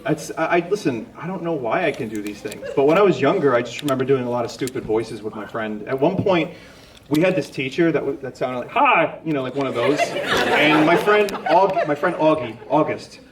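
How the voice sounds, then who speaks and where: A man's voice: medium pitch, animated, a little fast, some chatter behind, a little hiss or hum. A man on a comedic convention panel, rambling and joking self-deprecatingly as he answers audience questions. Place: large convention hall with an audience. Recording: distant mic in a crowded hall.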